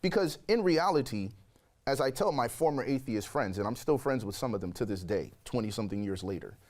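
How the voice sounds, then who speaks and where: A man in his forties sits as a guest and tells his story in a lively, expressive way. His voice sits at an ordinary middle pitch, and he speaks with real conviction. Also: fairly quick. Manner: animated storyteller, acts out quoted voices. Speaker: guest sharing a conversion testimony. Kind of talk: storytelling interview.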